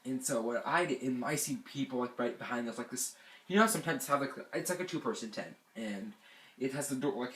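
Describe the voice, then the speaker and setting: A young man tells a long camping story into a camera mic, rambling and restarting as he goes. His voice sits at an ordinary pitch, and it rises loudly when he gets worked up. The room around him sounds echoey. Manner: rambling and animated, bursts of anger. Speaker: vlogger. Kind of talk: casual storytime.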